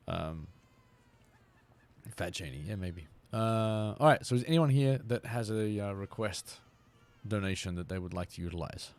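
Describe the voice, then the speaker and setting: A man's voice: low-pitched, normal speed. A man, chatting casually on a live stream while he plays, often laughing and repeating words.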